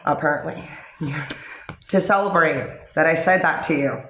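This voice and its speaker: A man's voice: on the high side, moderate pace, fairly bright tone, slight background noise. A man giving an intuitive reading to his subscribers in a blunt, profane, confrontational way, acting out lines of dialogue. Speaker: online reader addressing subscribers. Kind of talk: intuitive reading monologue to camera. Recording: roomy echo.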